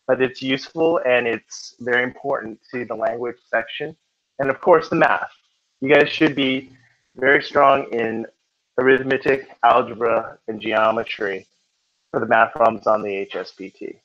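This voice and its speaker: A man's voice: medium pitch, fairly bright tone. A man teaches a roomful of students in a mid-range voice, loose and conversational, slipping jokes in between the lesson points. The classroom recording is muffled and lo-fi. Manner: chatty, joking with students. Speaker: test-prep tutor.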